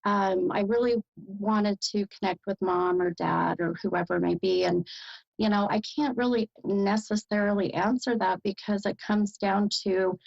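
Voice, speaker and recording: A woman's voice: medium pitch, steady tone, measured pace, gravelly, darkish tone, highs cut off. An American woman hosting a psychic reading as a medium, speaking hesitantly with many fillers and bursts of delight.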